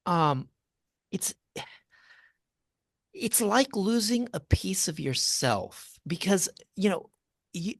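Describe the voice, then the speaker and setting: A man's voice: high-pitched, expressive, slow pace, long pauses, husky, no room sound, studio quality. A man, a guest author, talking earnestly in a casual interview, repeating his key points for emphasis.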